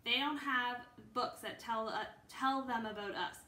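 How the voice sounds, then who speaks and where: A woman's voice: on the high side, measured pace, bright, forceful tone. Woman doing Jack, a cautious young boy. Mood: worried. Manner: sensible, worried. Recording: echoey room, faint noise.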